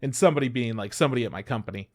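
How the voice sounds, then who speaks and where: A man's voice: medium pitch, rapid-fire. A young adult man co-hosting a podcast, chatting casually and acting out quotes as he tells stories. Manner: animated storyteller, acts out quotes, swears freely. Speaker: podcast co-host. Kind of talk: casual chat.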